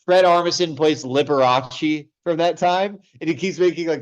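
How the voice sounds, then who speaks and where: A man's voice: fairly high pitch, moderate pace, few pauses, lo-fi sound. A young man in casual chat, rambling with many restarts and plenty of enthusiasm. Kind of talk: casual chat about old movies.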